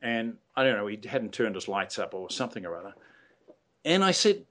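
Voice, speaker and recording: A man's voice: fairly low pitch, big pitch swings, a little fast, a bit bright. An older man, a guest telling anecdotes in a rambling, hesitant way with many fillers and restarts. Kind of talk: casual storytelling interview.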